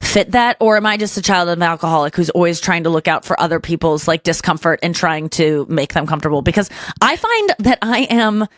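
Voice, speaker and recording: A woman hosting a podcast in casual chat, talking frankly and rambling through quick asides. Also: fairly low pitch, lively intonation, no room sound. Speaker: podcast host.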